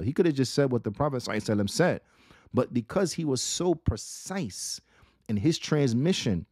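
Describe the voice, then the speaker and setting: A man giving a religious lesson, asking rhetorical questions, repeating key phrases and reading Arabic quotations quickly. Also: mid-range voice, darkish tone, husky, no echo, clean studio sound. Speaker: Islamic teacher.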